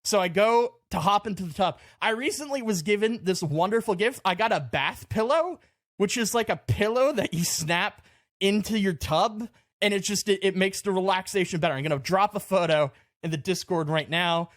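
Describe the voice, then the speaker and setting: A man co-hosting a podcast, telling a story in casual chat, animated and laughing at himself. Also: high-pitched, moderate pace, no echo, studio quality. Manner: animated, laughs through his own stories. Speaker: podcast co-host. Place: podcast studio.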